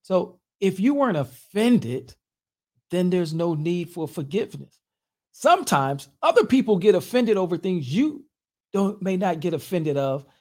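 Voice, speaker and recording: A male pastor talks as a guest in a measured, preacherly manner, and he laughs easily between points. His voice swings widely in pitch, very animated and lively as he teaches. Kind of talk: conversational teaching.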